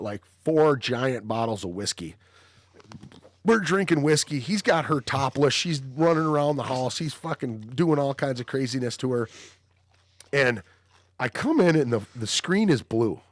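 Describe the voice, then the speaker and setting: A man's voice: mid-range voice, animated, normal speed, dry recording, studio quality. A man hosting a podcast, telling wild stories with lots of swearing and laughter. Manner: profane, laughing storyteller. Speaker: podcast host. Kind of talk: casual storytelling chat.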